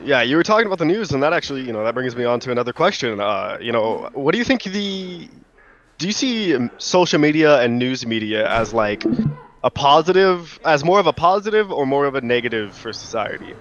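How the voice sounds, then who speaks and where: A man's voice: medium pitch, very animated, a little fast, a bit bright, highs cut off, a little hiss or hum. Rambling young man hosting a podcast. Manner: rambling, many fillers and restarts. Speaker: podcast host. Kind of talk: casual podcast chat.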